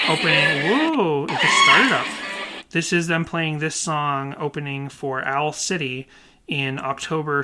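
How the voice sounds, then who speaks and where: A man co-hosting a casual podcast, animated and puzzled, often laughing as he talks. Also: on the high side, slight background noise. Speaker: podcast co-host.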